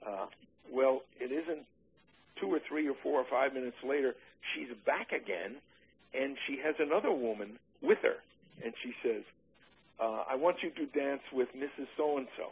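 An older man in an oral history interview, recalling his army days with dry humor and many halting "uh" restarts. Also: mid-range voice, expressive, creaky, slightly rough, rough recording.

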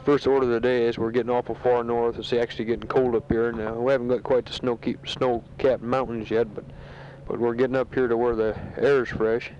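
Soldier in his bunker reading out news to family; flat, plain, matter-of-fact man, muffled lo-fi tape. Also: medium pitch. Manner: matter-of-fact, halting with many fillers. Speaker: soldier sending a taped letter home. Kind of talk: casual spoken letter. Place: sandbag bunker in a war zone. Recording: dull lo-fi home tape recording.

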